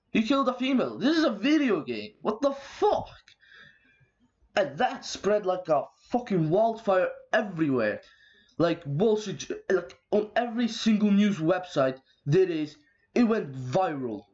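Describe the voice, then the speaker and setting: A man's voice: sits high, lo-fi sound. A young man and YouTuber, ranting angrily and swearing often in a casual vlog. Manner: profane, ranting, exasperated. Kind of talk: angry rant vlog.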